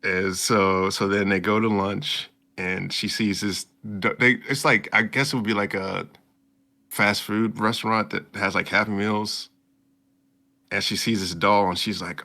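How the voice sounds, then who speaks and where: A man casually recapping an anime episode as a podcast co-host, slipping into quick mock voices for the characters. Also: fairly low pitch, steady tone, creaky, pushed and bright. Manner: loose storytelling with slang and quick mock voices.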